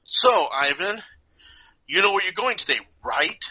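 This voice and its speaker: Bullying gym teacher put on by a man, sharp, forceful, taunting, dull recording. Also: high-pitched, expressive, a little slow, no echo, pitched above the performer's own voice, full character voice. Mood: mocking, bossy.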